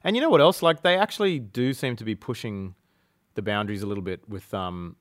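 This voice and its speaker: A man's voice: on the low side, brisk, dry recording. A man hosting a casual podcast chat, blunt and teasing, swearing casually as he gives his opinions. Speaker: podcast host.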